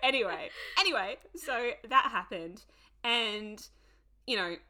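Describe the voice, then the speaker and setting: A woman co-hosting a podcast in casual chat, gushing and excitable, laughing often. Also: a little high, measured pace, a crowd in the background. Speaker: podcast co-host.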